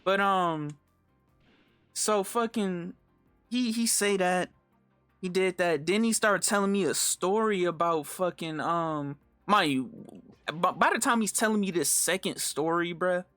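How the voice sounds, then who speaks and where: A young man telling a story in casual, animated street slang, full of fillers and swearing. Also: sits high, measured pace, no echo, faint music behind. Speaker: storytime vlogger.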